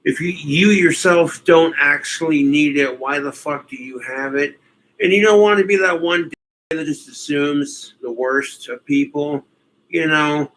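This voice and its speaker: A man on a live reaction stream with a bright, sharp voice pitched a little high. He rambles loosely and swears freely, dropping into mocking impressions of the people he talks about. His commentary is unscripted. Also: measured pace, low-quality recording.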